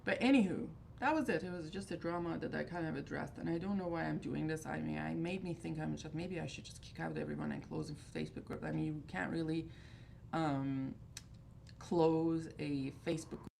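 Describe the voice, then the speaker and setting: A woman in her thirties hosts a casual livestream and talks in a candid, rambling, exasperated way. Her voice sits low and is full of heavy vocal fry. There is a faint noise floor behind her. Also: fairly quick, darkish tone. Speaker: livestream host of a fragrance group. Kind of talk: casual chat.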